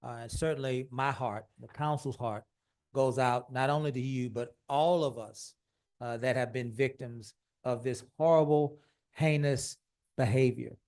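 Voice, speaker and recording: A man chairing a city council meeting, who gives earnest formal remarks and reads a proclamation aloud in a measured way with frequent "uh" fillers, speaking into a podium microphone in a council chamber. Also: mid-range voice, steady tone, darkish tone.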